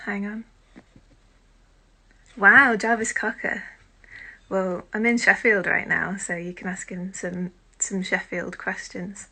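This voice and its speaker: A British woman hosting a casual live-stream chat on her phone, chatty and self-deprecating, with quiet muttered asides. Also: mid-range voice, creaky. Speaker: host.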